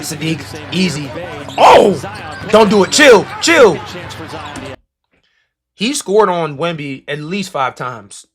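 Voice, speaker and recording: A young man reacting live to a basketball game, animated, with loud outbursts and slangy trash talk. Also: high-pitched.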